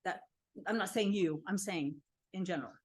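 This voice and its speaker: A woman giving a public comment at a city council meeting, telling an animated, indignant story. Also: lowish voice, moderate pace.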